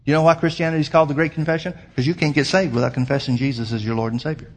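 A man preaching a sermon as pastor, emphatic, slowing down to quote scripture. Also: on the high side, fairly even intonation.

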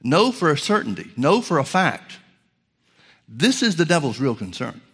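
Man teaching a slow Bible sermon. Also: a little high, big pitch swings, fairly bright tone, breathy edge. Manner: reads scripture slowly, stressing words; addresses listeners as folks. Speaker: preacher.

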